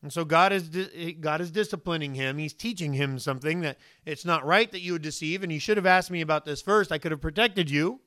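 A man preaches with a high, bright voice. He asks his listeners questions and slips into the voices of the people in the story. The sound is close and dry, with no room around it. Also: fairly quick, hardly any pauses, no room sound. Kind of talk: sermon.

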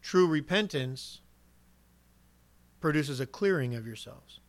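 High-voiced earnest male preacher. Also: animated, slow pace. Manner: earnest, direct, rhetorical questions, acts out quoted speech. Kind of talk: sermon.

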